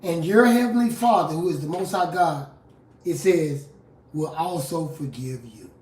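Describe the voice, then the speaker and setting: A street preacher and rap artist giving a fiery, confrontational live sermon, moving from low scripture reading to loud outbursts. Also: a little slow. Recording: roomy echo from a distant mic.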